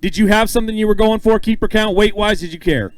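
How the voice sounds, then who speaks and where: A man emceeing a bass-fishing weigh-in on an outdoor stage, upbeat and joking with the anglers as he calls out names and weights. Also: quick pace, no room sound, poor audio. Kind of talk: live emcee announcing with banter.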